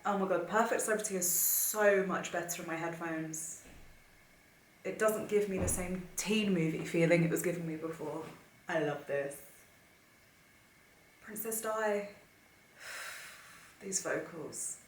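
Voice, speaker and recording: A young woman talks in an excited, gushing, emotional way, thinking out loud as she listens. Her voice sits a little low for a woman. The sound is roomy and echoey. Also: measured pace, pauses often, slight background noise. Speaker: vlogger. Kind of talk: casual reaction commentary.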